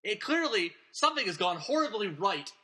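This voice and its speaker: A man's voice: high voice, very animated, moderate pace, pushed and bright, breathy edge. A man hosting a podcast, casually recapping a film plot in a rambling, digressive way and chuckling as he talks. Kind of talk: casual chat.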